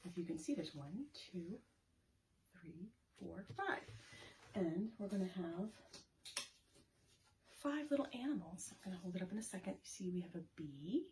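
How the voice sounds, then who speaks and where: A woman librarian leading story time for young children, reading and rhyming in an animated, sing-song way and asking them questions. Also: on the low side, normal speed, pauses often, slight background noise.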